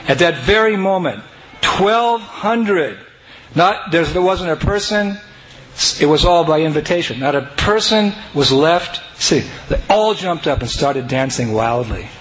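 Animated man telling a devotional story. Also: fairly high pitch, a little slow. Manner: animated, breaks into chanting and joyful shouts. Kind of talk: personal anecdote to an audience. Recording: noisy recording.

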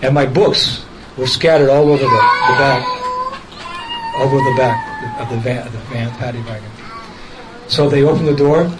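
A man telling a personal story in a casual, lively way, laughing as he goes and acting out other people's voices. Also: mid-range voice, normal speed, pauses often, heavy background noise. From United States.

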